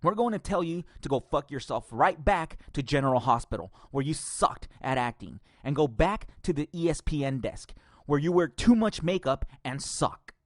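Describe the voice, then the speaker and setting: A man's voice: a little high, lively intonation, normal speed, dry recording, clean studio sound. A man hosting a podcast, ranting angrily and profanely with sarcastic laughs. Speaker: podcast host.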